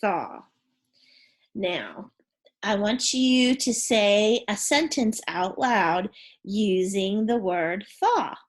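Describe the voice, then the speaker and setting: A woman teaching a phonics and spelling lesson to young children, sounding out letters and asking questions. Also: mid-range voice. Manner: slow, clear, sounding out letters and prompting questions.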